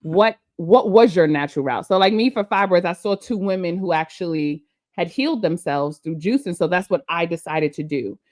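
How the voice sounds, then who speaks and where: A woman's voice: lowish voice, expressive, moderate pace, hardly any pauses, darkish tone, no room sound, clean studio sound. A woman co-host in a casual interview, asking long, rambling questions.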